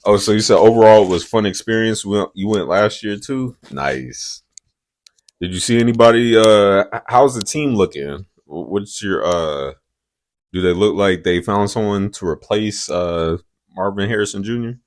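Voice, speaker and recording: A man hosting a sports podcast in a relaxed, easygoing casual chat, reading out news as it comes in. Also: lowish voice, moderate pace.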